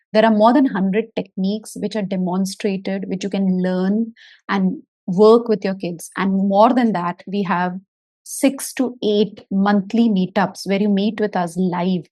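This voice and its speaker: A woman giving an upbeat promotional pitch and listing features for parents. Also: darkish tone, dry recording. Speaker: app promoter, therapist.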